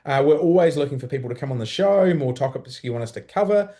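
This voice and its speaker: Man, podcast host, casual chat, relaxed, plainspoken. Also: a little high, fast talker.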